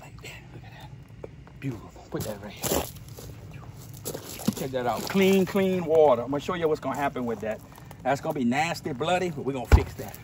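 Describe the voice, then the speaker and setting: A man's voice: lively intonation, a little fast. Boisterous Louisiana man demonstrating outdoors. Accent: Louisiana Cajun. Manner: boisterous and slangy, says dude and boom a lot. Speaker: host. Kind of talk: hands-on how-to demonstration. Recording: distant mic with loud outdoor noise.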